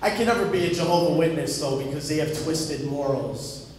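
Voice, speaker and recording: Stand-up comic in an echoey club. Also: male voice, a little high, fairly quick, darkish tone, distant mic, a little hiss or hum. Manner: punchy storytelling with acted-out dialogue. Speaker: stand-up comedian. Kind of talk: stand-up comedy set. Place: comedy club stage before an audience. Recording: very echoey live club recording.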